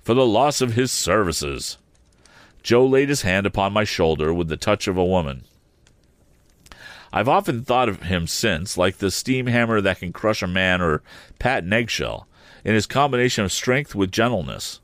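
Low-voiced male audiobook narrator. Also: animated, a bit bright, no room sound. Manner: measured storytelling. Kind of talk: scripted narration.

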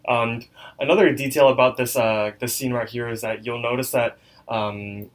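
A man's voice: mid-range voice, steady tone, moderate pace. A man co-hosting a podcast, loosely retelling the plot with plenty of ums and likes. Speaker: podcast co-host. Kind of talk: casual episode recap.

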